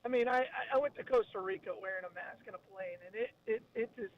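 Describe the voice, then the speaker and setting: A man's voice: sits high, fast, no room sound. A man calling into a radio show as a regular guest, chatty and wry. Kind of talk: casual radio chat. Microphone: phone line. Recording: dull phone line audio.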